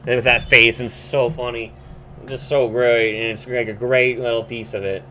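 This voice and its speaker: His voice is medium-pitched and sharp, with little pitch movement and a moderate pace, against slight background noise. He's a podcast host recapping a cartoon episode in a rambling, profane way, full of restarts and fillers like "um" and "like."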